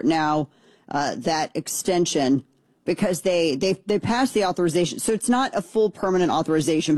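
Chatty, opinionated woman with a dark voice. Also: sits low, breathy edge, dry recording. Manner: chatty, opinionated, with many restarts and asides. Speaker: political commentary host. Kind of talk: casual political commentary.

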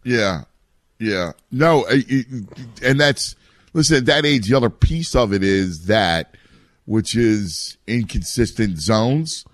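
A man's voice: lowish voice, lively intonation, slow, no echo, clean studio sound. A man chatting casually about his son's baseball, talking in loose, restarting sentences. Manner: rambling, many restarts, conversational. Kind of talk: casual podcast chat.

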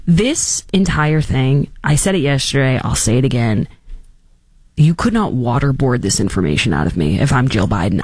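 A woman's voice: deep voice, dry recording. A woman hosting a talk show, giving sarcastic, emphatic political opinions. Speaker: talk radio host.

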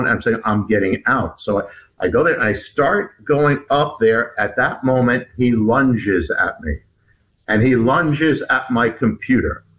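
A man, an author appearing as a guest, recounting a personal story in an interview, halting with frequent restarts and repeated words. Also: mid-range voice, a bit bright, a little hiss or hum, rough recording.

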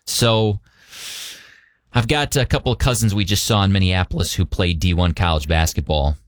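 A man's voice: low-pitched, fairly even intonation, moderate pace, no echo, clean studio sound. A man co-hosting a radio show, chatting casually about the news with loose, restarting sentences. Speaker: radio co-host.

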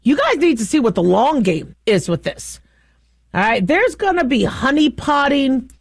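A middle-aged woman talks through a casual commentary in a bright, high voice. She is chatty and animated, laughing often and restarting her sentences. The sound is dry and close. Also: moderate pace, vocal fry, dry recording. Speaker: host.

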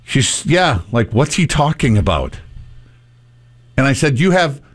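Man, casual co-host storyteller; lively, swooping delivery. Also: mid-range voice, measured pace, husky. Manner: animated anecdote teller acting out his own lines.

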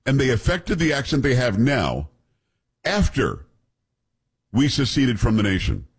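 A man's voice: medium pitch, sing-song, unhurried, husky. A man hosting a radio talk show, chatting casually and animatedly, laughing easily.

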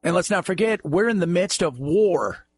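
A man's voice: high voice, lively intonation, normal speed, breathy edge. A man hosting a talk radio show, delivering a sarcastic, mocking monologue.

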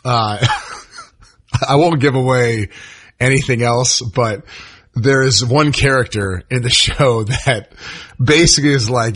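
A male sports radio co-host with a somewhat husky voice. He talks in an easygoing way and often laughs while he speaks. His pitch is medium. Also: takes it slowly, fairly bright tone. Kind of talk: sports talk radio banter. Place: radio studio.

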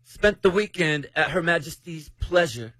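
A man's voice: a little high, animated, moderate pace, sharp tone, no echo. A man hosting a casual group chat, playfully quizzing the others. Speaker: host.

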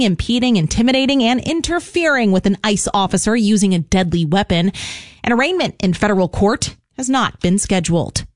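A woman anchoring a radio newscast in a brisk, even newsreader delivery. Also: mid-range voice, dry recording, clean studio sound. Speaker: news anchor. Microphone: studio microphone.

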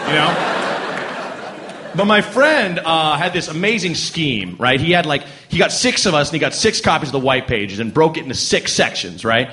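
Excitable high-voiced male comic. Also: moderate pace. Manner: excitable storytelling, breaks into loud exclamations. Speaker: stand-up comedian. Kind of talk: stand-up comedy. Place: comedy club stage. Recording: noisy live stage recording.

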